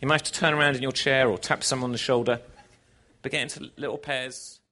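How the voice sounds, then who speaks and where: A man preaching to his congregation, telling a story with animated, folksy delivery. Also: mid-range voice, fast. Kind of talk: sermon with a joke.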